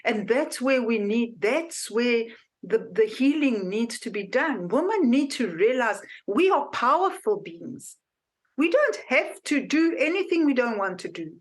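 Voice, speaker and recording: A woman's voice: fairly high pitch, very animated, unhurried. A woman hosting a podcast, speaking firmly and with self-assurance, repeating her points. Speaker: podcast host. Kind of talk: conversational podcast talk.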